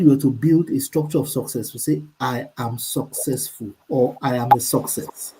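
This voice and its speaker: A man coaching a group on a call, speaking in an emphatic, preachy way and reading quotes out slowly. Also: fairly high pitch, warm tone, slightly rough, poor audio. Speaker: motivational coach. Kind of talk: motivational talk on a group call.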